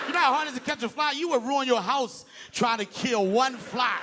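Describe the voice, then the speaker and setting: Animated male stand-up comic, live stage mic, noisy club. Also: very high-pitched, fast talker, few pauses. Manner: animated, loud, jumps into impressions. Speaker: stand-up comedian. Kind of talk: stand-up comedy set. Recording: live club with loud crowd laughter.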